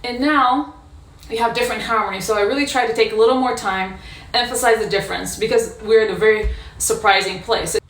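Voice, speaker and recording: A woman in a casual practice session, explaining how she practices a violin piece in a thoughtful way, pausing often with fillers. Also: on the high side, over music. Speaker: violin teacher. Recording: echoey room with violin playing.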